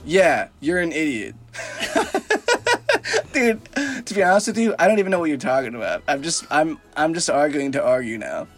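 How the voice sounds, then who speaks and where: A man's voice: fairly high pitch, lively intonation, moderate pace, faint music behind. A man co-hosting a casual podcast, ribbing his friend and arguing for fun. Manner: teasing, argumentative banter. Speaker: podcast co-host. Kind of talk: casual chat.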